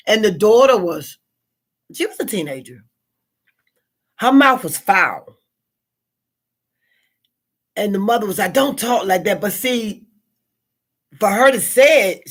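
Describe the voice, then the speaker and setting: Southern lady rambling on her live stream, lots of ums and restarts, medium pitch. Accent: Southern American. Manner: rambling, repeats herself, frequent fillers. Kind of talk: casual spoken reflection.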